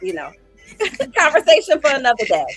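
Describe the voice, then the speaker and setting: A woman giving measured, therapist-like relationship advice in a casual group chat. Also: high voice, huge pitch swings, a bit bright, soft background music.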